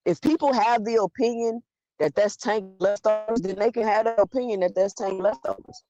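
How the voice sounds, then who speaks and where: A woman's voice: medium pitch, moderate pace, warm tone, dry recording, dull audio. A woman hosting a live stream who talks bluntly and argues straight at her chat. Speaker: livestream host. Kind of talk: live commentary talking to chat.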